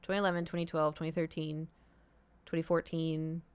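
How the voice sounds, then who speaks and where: A young woman chats her way through a long story on a live stream, wandering off track as she talks. Her voice sits a little low, and the sound is close and dry, with no room around it. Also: little pitch movement, fairly quick, clean tone, no room sound. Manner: rambling and chatty, with many fillers. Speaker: livestreamer. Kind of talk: casual chat on a live stream.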